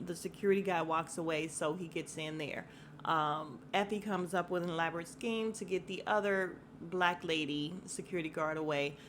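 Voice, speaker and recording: A woman's voice: on the low side, a little hiss or hum. A woman casually recapping a TV episode for her podcast, acting out the characters' lines and laughing as she goes. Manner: animated storyteller, acts out characters' lines, laughs often.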